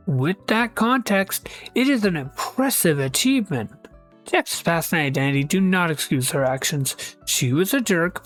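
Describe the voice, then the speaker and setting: A woman giving casual commentary on fan posts with wry, deadpan asides and quick switches into character voices. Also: medium pitch. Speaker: video essayist reading fan posts. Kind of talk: casual scripted commentary with skits. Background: faint background music.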